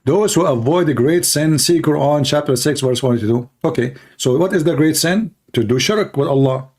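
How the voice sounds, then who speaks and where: A man arguing in a heated livestream debate, challenging listeners in broken, non-standard English and clearing his throat often. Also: fairly high pitch, moderate pace, a little mellow.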